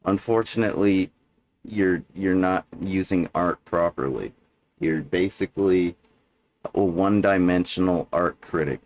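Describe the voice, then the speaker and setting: A man's voice: deep voice, unhurried, darkish tone. A man hosting a livestream, talking in a meandering monologue full of fillers, with frequent "right?" check-ins. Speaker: livestream host. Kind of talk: rambling monologue.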